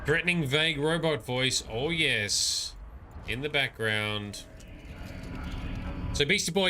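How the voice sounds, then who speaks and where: A livestreamer at his gaming PC jokes through casual live commentary on his game and reads chat messages aloud over game music. His medium-pitched voice is expressive, bright and forceful, moving at a moderate pace with long pauses, and a little hiss or hum sits under it.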